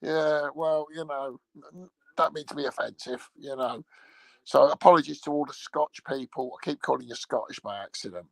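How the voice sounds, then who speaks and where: A man with a gravelly, slightly high voice hosts his own show in a loose, rambling monologue. He talks slowly and swears freely, joking as he goes. The sound is close and dry. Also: dry recording, poor audio. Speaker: streamer host.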